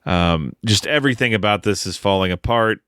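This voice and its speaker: A man's voice: on the low side, brisk, fairly bright tone, smooth, no room sound, clean studio sound. A man co-hosting a casual film podcast, wry and swearing as he laughs at the plot. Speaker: podcast co-host.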